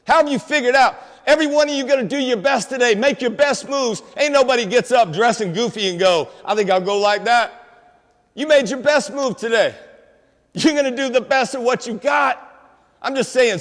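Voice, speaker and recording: A man's voice: very high voice, a bit bright. A man, giving a streetwise, preachy motivational talk to students and calling out to the crowd. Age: 50s. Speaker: motivational speaker. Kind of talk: inspirational school assembly talk. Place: school auditorium. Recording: long hall reverb in a large auditorium.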